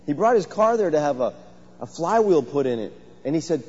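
A man's voice: a little high, sing-song, brisk, a little mellow, husky. A man, a pastor, preaching a conversational sermon and telling stories to his congregation. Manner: conversational, storytelling, asks the congregation questions. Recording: dull, lo-fi sound with long hall reverb.

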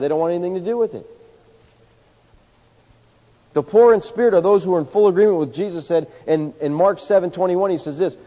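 A man preaching a sermon, emphatic, swinging from loud high peaks to low quiet lines. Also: a little fast, long pauses. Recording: dull sound with long hall reverb.

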